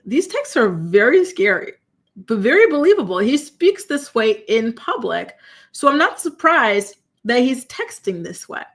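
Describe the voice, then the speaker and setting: A woman hosting a live commentary stream, talking in an animated, incredulous, exclamatory way and reacting to her chat. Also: a little high, a little slow. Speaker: commentary show host.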